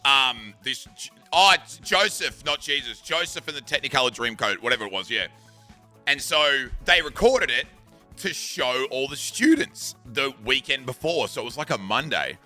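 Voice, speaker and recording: A man in his thirties recounting an anecdote in a loose, animated way, with crude words slipped in throughout. His voice sounds piercingly bright and sharp, and faint music plays behind him. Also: medium pitch, moderate pace. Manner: animated, swears, acts out shouts. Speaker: streamer. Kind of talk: casual storytelling.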